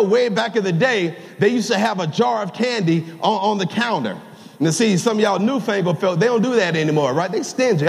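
An older man preaching a sermon as pastor, folksy and storytelling, rising to shouts at the high points. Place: large church sanctuary. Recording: live church sound with long hall reverb.

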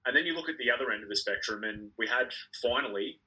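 Husky, bright-voiced man. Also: mid-range voice, fast talker, low-quality recording. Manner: hesitant, thoughtful, many ums. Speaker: podcast co-host. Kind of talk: casual sports podcast chat.

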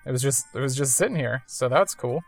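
Low-voiced woman rambling thru a game, lively up and down voice, chill and chatty. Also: fairly quick, faint music behind. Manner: chatty, rambling, self-amused. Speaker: let's-play gamer. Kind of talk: casual game commentary.

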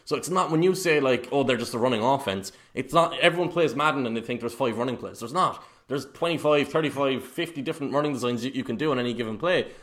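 A man's voice: medium pitch, fairly bright tone. A man co-hosting a casual sports podcast, rambling through football analysis with frequent laughs. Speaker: podcast co-host.

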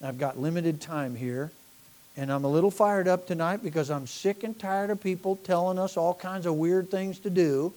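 Speaking directly to his congregation, a middle-aged pastor from the United States delivers an impassioned sermon that builds close to shouting. His voice is high, with a steady tone and moderate pace.

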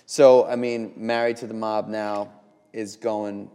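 A man hosting a casual interview, halting and laid-back, often repeating words. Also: lowish voice, flat delivery, dark tone, smooth, big-room sound. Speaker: podcast host, father of two.

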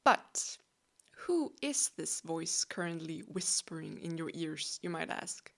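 A young Danish woman in her twenties talks through a laid-back solo podcast, her low voice carrying a gravelly edge. She is chatty and playful and pokes fun at herself, and her English has a clear Danish accent. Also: expressive, slow pace. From Denmark. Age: 20s. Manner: chatty, self-deprecating and playful. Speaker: podcast host. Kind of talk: relaxed solo podcast monologue.

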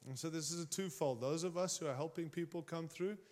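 Guy preaching hard to his church, kinda high voice, rises and drops a lot, talks right at the crowd. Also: brisk, a little mellow. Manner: emphatic, varies pitch and volume widely, direct address to congregation. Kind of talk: sermon.

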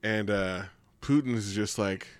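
A man who co-hosts a podcast, reciting a spoken-word poem with a forceful rhythm and then chatting casually with plenty of profanity. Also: on the low side, a little slow, clear, resonant tone, no echo. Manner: rhythmic, forceful delivery in the poem; profane, laughing banter in chat. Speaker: podcast co-host.

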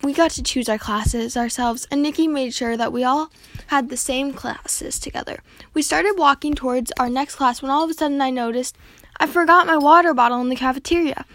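A woman reading her own story aloud, halting with frequent slips and restarts. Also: high voice, fairly even intonation, fairly bright tone, no room sound. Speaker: reader.

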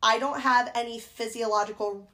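A woman's voice: fairly high pitch, steady tone, moderate pace, sharp tone. A young woman co-hosting a podcast, talking frankly and teasingly, swearing casually. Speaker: podcast co-host. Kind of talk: casual chat.

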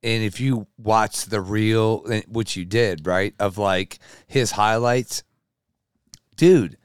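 A man co-hosting a podcast in hyped, animated casual chat with drawn-out emphasis. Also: fairly low pitch, clear, resonant tone, no echo, studio quality. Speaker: podcast co-host.

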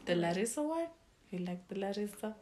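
A woman's voice: medium pitch, animated, fairly quick, warm tone, slight background noise. A woman hosting a casual chat podcast, teasing and hyping up her co-host.

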